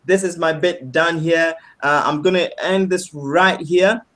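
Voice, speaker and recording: A man presenting a sales pitch on a webinar, upbeat and persuasive, often asking "right?" and calling the audience "guys". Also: steady tone, a little slow, fairly bright tone.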